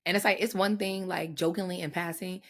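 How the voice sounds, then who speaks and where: A young woman co-hosts a casual podcast, her voice raspy and gravelly from recent voice loss. She sits a touch low in pitch and tells stories with loose, lively slang. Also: fairly quick. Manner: animated, laughing, slangy storytelling. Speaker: podcast co-host. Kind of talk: casual chat.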